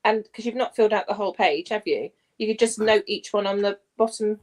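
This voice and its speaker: Female panel guest, brisk and encouraging, mid pitch. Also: a little mellow. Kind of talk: casual panel chat.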